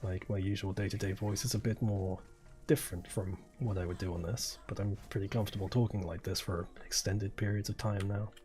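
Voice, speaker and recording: A young man in his twenties with a lowish voice talks quietly and easily as he streams a game. His delivery is soft-spoken and low-key. Faint game music plays underneath. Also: steady tone, brisk. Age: 20s. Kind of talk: casual chat while gaming.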